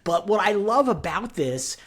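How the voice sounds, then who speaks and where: A man co-hosting a casual TV recap podcast, talking in an animated way, swearing freely and leaning on fillers. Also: high voice, a little slow, heavy background noise. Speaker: podcast co-host.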